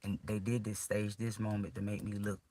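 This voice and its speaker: A man's voice: lowish voice, little pitch movement, a little fast, dark tone, a little hiss or hum, rough recording. A man emotionally recounting a personal ordeal to his viewers in casual, profane, rambling speech full of restarts.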